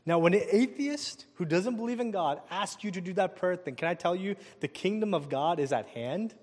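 Male pastor preaching, animated storytelling. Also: high-pitched, normal speed, in a large hall. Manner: animated storytelling with laughs and quoted voices. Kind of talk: sermon with personal story.

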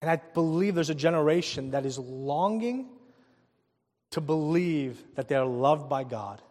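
High-pitched guy preaching, lively storytelling, big echoey hall. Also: unhurried. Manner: animated, asks the audience questions, chuckles often. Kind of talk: sermon with personal storytelling. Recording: long hall reverb.

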